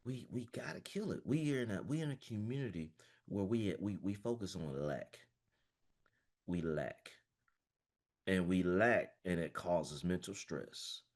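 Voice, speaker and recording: A man's voice: sits low, lively intonation, unhurried, a little mellow. Passionate man coaching on a call. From small-town Florida, US. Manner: passionate and emphatic, repeats "man" constantly. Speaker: financial coach. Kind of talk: motivational talk to a group call. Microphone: video call.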